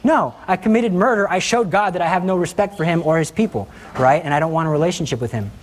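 A man's voice: high-pitched, fast, slight background noise. A young man giving a spoken faith talk, telling a personal story and acting out quoted voices with animation. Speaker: Catholic speaker.

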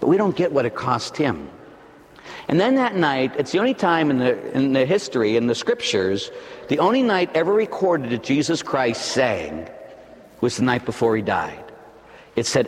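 A priest delivering a dramatic, emphatic sermon, building up to loud shouts. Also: male voice, mid-range voice, big pitch swings, moderate pace, in a large hall.

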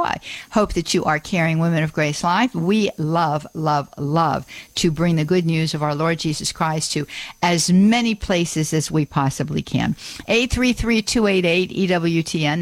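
A woman's voice: fairly low pitch, no echo. Upbeat female call-in radio host, chatty with frequent laughs, dry studio mic. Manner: chatty and upbeat, laughs often, repeats phone numbers slowly. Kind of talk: live call-in radio talk. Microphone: studio microphone.

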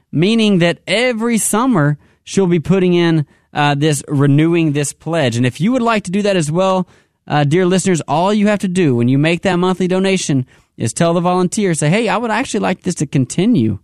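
A man hosts a radio pledge drive in an upbeat, urging way, and he slows right down whenever he repeats the phone number. His voice sits high for a man, and the sound is dry and close with no room around it. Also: a little mellow, no echo. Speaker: radio fundraiser host. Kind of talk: on-air pledge drive appeal. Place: radio studio.

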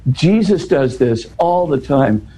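A man giving an explanatory talk in an interview, teaching in an animated way and often checking in with "right?". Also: medium pitch, slow pace, poor audio. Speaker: interview guest explaining scripture.

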